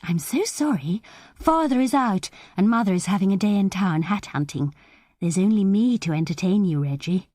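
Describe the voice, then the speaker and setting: A woman voicing a shy young woman who laughs easily, speaking in a soft, breathy, airy whisper. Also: medium pitch, expressive, moderate pace, no echo, clean studio sound, natural voice. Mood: wistful. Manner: gentle, airy, light.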